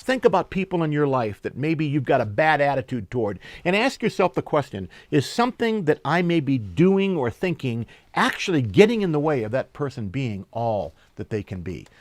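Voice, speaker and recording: A man preaching a sermon and reading scripture, telling stories with lively energy and slowing down for emphasis. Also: mid-range voice, dry recording. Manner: animated storyteller, slows for emphasis, laughs while telling. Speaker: pastor.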